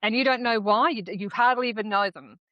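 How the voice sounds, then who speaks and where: A woman, co-hosting a casual podcast chat, speaking calmly and reflectively. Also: on the high side, fast talker, no echo, dull audio. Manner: calm and reflective, affirming. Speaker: podcast co-host.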